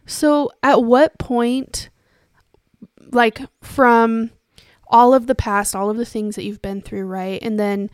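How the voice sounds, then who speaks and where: A woman hosting a podcast, asking careful, gentle interview questions. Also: fairly high pitch, fairly even intonation, takes it slowly, clear, resonant tone, no room sound, studio quality. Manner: gentle, careful, hesitant phrasing. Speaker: podcast host.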